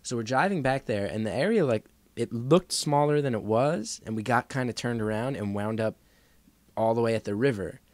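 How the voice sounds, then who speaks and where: A man's voice: medium pitch, normal speed, dry recording. A man telling a long story in a casual podcast chat, acting out the people in it. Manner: animated, acts out quoted voices. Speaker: podcast guest.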